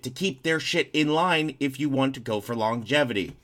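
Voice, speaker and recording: A man's voice: mid-range voice, normal speed. A man co-hosting a podcast, telling stories in casual chat with lots of swearing. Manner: profane, animated storyteller. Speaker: podcast co-host.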